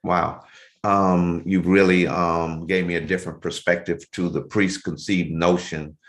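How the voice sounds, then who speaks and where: A man's voice: deep voice, flat delivery, unhurried. A man hosting a casual interview over a video call, affirming and conversational with his guest. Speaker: show host.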